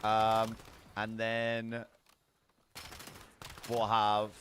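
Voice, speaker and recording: A man's voice: on the low side, completely flat delivery, very slow, a bit bright, a little hiss or hum. A young British man streaming a watch party, chatting casually with his viewers, brash and full of swearing. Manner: brash, swears a lot, banters with chat.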